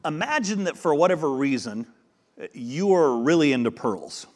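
A man with a fairly high voice preaches a sermon at a normal speed, explaining a parable. He's an animated storyteller who acts out the dialogue of a modern retelling.

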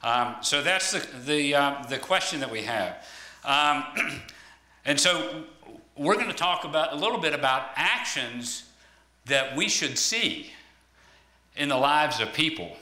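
A man's voice: a little high, expressive, a little slow, sharp tone. A man giving a conversational sermon, searching for words with frequent ums and restarts. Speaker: lay preacher. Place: church hall. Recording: echoey room.

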